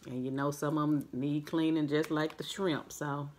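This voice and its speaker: A soft-spoken woman hosting a mukbang, chatting casually with her viewers and recording without a microphone. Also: fairly even intonation, normal speed. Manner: soft-spoken, naturally low-volume voice; friendly, chatty, addresses viewers as family. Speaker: mukbang host. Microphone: no microphone, device's built-in mic.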